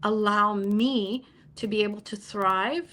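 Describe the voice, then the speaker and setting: A woman hosts an interview in an encouraging, affirming manner. Her voice sits in the middle range for a woman. She speaks in an even, conversational way. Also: mid-range voice, slow pace. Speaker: interview host.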